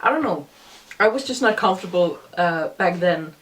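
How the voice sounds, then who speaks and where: A woman's voice: on the low side, animated, normal speed. Rambling young woman, voice slightly distant. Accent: noticeable non-native accent. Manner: rambling, self-deprecating, frequent ums. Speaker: vlogger. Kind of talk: casual reaction vlog commentary.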